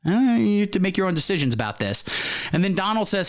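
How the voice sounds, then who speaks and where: A man hosting a satirical comedy show, commenting on the material in a deadpan, mock-earnest way with feigned naivety. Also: sits high, fast talker. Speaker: comedy host.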